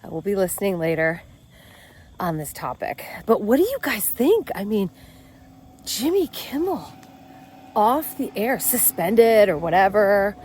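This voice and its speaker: A woman's voice: fairly high pitch, husky. A middle-aged American woman giving a blunt, exasperated opinion vlog, swearing freely as she walks outdoors. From United States. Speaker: vlogger.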